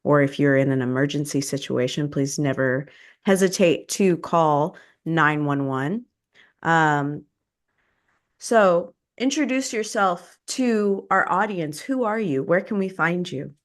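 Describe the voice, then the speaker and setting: A woman with a fairly low voice hosts an interview podcast. She puts her questions carefully, in a gentle and reassuring manner. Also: lively intonation, takes it slowly. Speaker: podcast host.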